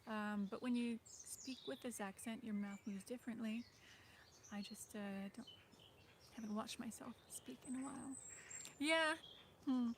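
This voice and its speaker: Woman rambling on a livestream, lots of ums, a bit high voiced, birds chirping loud behind. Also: unhurried, slight background noise. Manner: hesitant, rambling, many fillers and little laughs. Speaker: livestream host. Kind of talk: casual livestream chat. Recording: birdsong in the background.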